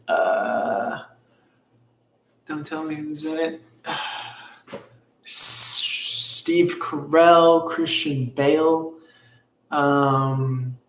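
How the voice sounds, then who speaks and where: A man's voice: medium pitch, a little hiss or hum. A man hosting a tarot livestream, chatting casually and rambling, with frequent swearing as he reads out viewers' comments. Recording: roomy echo with faint ambience.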